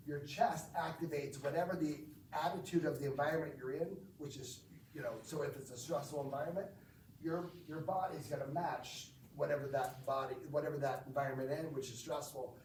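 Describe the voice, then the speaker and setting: A man's voice: a little high, darkish tone, a little hiss or hum. A man instructing a group in breathwork, explaining and asking the group questions. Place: gym or team room. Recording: echoey room, from far off.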